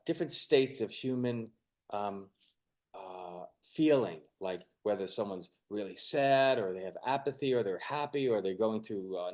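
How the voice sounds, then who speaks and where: Easygoing man giving webinar advice. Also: fairly low pitch. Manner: relaxed, rambling, hesitant with fillers. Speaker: co-host, media coach. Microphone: lavalier on a video call.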